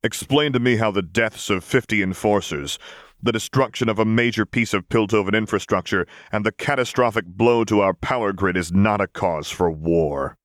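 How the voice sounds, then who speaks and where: A tired young councilman, cold and unmoved, every word measured and hard, read by a man in a storybook. His voice sits a little higher than the narrator's deep tone, the sound dry. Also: no room sound, lightly acted.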